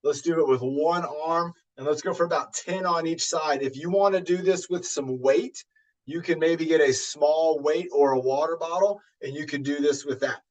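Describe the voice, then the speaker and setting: Guy fitness coach cheering folks through a workout, kinda high voice, a bit far from the mic. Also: moderate pace. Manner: upbeat, encouraging, talks through moves while exercising. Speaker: fitness instructor. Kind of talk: guided workout instruction.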